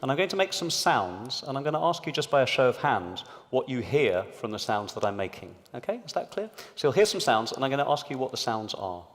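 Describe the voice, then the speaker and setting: Lively man lecturing in a big hall. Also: medium pitch, fairly quick, few pauses. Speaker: panel speaker. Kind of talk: public talk to a hall audience. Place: large hall. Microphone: amplified on stage.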